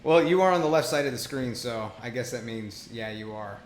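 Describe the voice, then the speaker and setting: A man's voice: medium pitch, lively intonation, brisk, roomy sound. A man co-hosting a live stream podcast, joking and rambling with a teasing manner. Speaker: podcast co-host. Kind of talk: casual chat.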